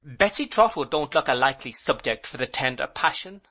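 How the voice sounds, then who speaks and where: Proud older aunt, hurt and reproachful, put on by a male reader, high and bright. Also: animated, moderate pace. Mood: rueful. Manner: emotional, reproachful, then composed and rueful. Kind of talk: audiobook character voice.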